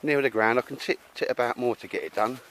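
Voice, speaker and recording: At a campsite, a man with a London Cockney accent shows a tarp shelter in a relaxed, laddish chat, addressing everyone as mate. This outdoor gear vlogger talks fast, with a medium-pitched, fairly bright voice.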